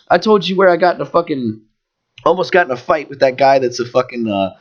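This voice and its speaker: A man's voice: medium pitch, fast, highs cut off. A man co-hosting a podcast, telling a story in casual chat, swearing constantly and working himself up. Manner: profane, heated, animated storytelling. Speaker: podcast co-host.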